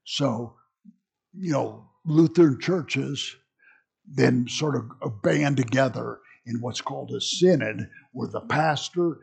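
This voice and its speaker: A man giving a relaxed classroom lecture at an unhurried pace. His voice is gravelly with a husky edge, and he talks conversationally, often restarting his sentences. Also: medium pitch. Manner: conversational, many fillers and restarts. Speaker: church history teacher.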